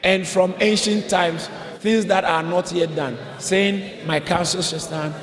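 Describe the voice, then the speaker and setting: A man's voice: sits high, fairly even intonation, measured pace, crowd noise. A man preaching a sermon, emphatic and repetitive, calling on the congregation to repeat his lines. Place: church hall. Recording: long reverb of a large hall.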